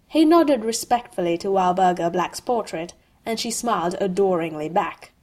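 A woman reading a humorous fan fiction story aloud in an expressive, wry way. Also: mid-range voice, moderate pace. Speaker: narrator.

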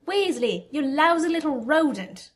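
A fierce, blunt teenage witch girl, voiced by a woman narrator in a storybook reading. She talks in a high, snappish, contemptuous way. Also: expressive, unhurried. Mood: scornful.

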